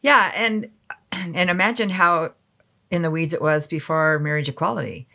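A woman's voice: low voice, moderate pace, vocal fry, sharp tone. A woman co-hosting a podcast, chiming in with short agreements and comments. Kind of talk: casual podcast conversation.

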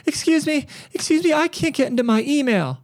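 A man putting on the voice of a frantic, entitled older woman customer who scolds a shop clerk in a shrill voice. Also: animated, brisk.

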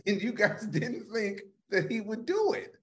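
A comedian co-host chatting on a live-streamed podcast, loose and animated, swearing freely. He has a slightly higher-than-usual voice and breaks off now and then to read out viewer comments. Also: unhurried.

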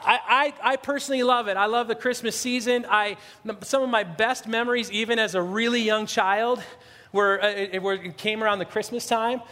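Pastor, male, high voice, loose joking delivery with restarts, long hall reverb. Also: fairly even intonation, brisk, sharp tone. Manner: informal, joking, many restarts. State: a little out of breath. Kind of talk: church prayer and sermon.

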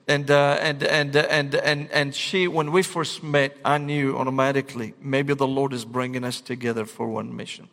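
Pastor telling a funny story. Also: male voice, mid-range voice. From Syria. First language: Arabic. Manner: animated, comic storytelling to a congregation. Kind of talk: sermon with humorous storytelling. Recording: long reverb of a large hall.

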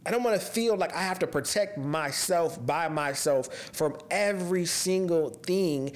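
A man with a slightly higher voice than most men talks alone on his podcast in a loose, conversational way. He is candid and raw, and his speech catches and restarts as the subject weighs on him. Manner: raw, candid, emotionally heavy; casual and conversational, restarts when upset. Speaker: podcast host. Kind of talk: personal monologue on mental health.

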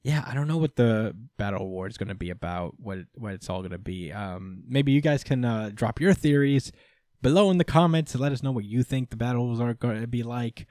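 A man's voice: medium pitch, brisk, no room sound, studio quality. Laid-back man recapping manga chapters. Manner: relaxed, many fillers, acts out characters in quotes. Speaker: podcast co-host. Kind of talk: casual manga review chat.

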